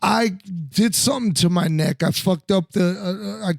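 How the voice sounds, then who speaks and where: A man, a former wrestler co-hosting a podcast, telling stories in animated, profane casual chat with lots of restarts. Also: sits high, normal speed, creaky, no echo, clean studio sound.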